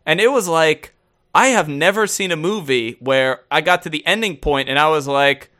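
Animated man chatting with lots of fillers. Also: fairly high pitch, moderate pace. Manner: animated, laughing, rambling with many fillers. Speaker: podcast co-host. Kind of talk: casual chat.

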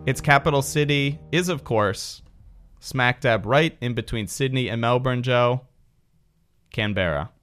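Joking podcast host over guitar music. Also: male voice, mid-range voice, unhurried, a bit bright. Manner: joking, chatty, reads facts aloud in a run. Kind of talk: casual chat with read-aloud facts.

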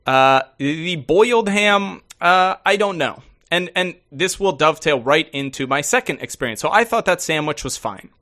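A man co-hosting a podcast in casual chat, rambling with many halting restarts. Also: fairly high pitch, lively intonation, sharp tone. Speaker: podcast co-host.

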